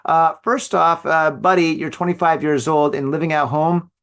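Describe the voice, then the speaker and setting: A man's voice: a little high, level tone, normal speed, a bit bright. A middle-aged man hosting a solo podcast, rambling casually with lots of filler and laughing at his own jokes. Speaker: podcast host.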